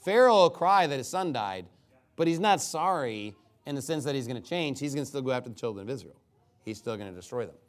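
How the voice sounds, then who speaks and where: A man preaching an expository sermon, animated and mocking, reading scripture aloud and breaking into impressions. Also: medium pitch, quick pace.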